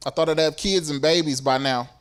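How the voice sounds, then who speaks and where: A man's voice: on the high side, fairly even intonation, fairly quick, clean tone. A male stand-up comedian on a club stage, telling a story in an exasperated way. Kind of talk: stand-up routine.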